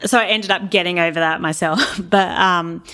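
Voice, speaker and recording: A woman's voice: lowish voice, fairly even intonation, moderate pace, pushed and bright, clean tone. An Australian woman speaking as an interview guest, telling stories candidly and with animation. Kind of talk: casual interview talk.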